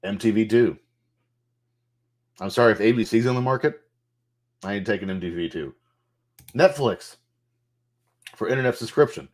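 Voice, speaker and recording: A male gameplay streamer with a somewhat low voice gives casual walkthrough commentary on a game's menus, thinking aloud as he clicks around and swearing now and then. He talks at a moderate pace with long pauses, and keyboard clicks are audible behind him.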